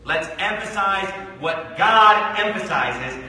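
A man's voice: high-pitched, lively intonation, slow, bright, forceful tone, heavy reverb, big-room sound, far from the mic, low-quality recording. A man preaching a fiery sermon as a pastor, firing off repetitive rhetorical questions with sarcastic asides. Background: congregation calling out amens.

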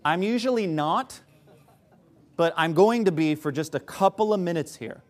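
Animated, sarcastic male preacher. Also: on the high side, moderate pace. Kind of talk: sermon.

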